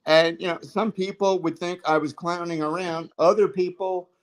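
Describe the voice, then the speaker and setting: A man's voice: high voice, steady tone, moderate pace, low-quality recording. A man telling stories in a casual livestream chat, rambling with many fillers and restarts.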